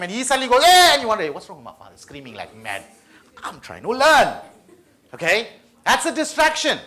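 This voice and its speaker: A man giving school students a lively study-skills talk, playful and often asking the audience questions. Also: high-pitched. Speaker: motivational study-skills speaker.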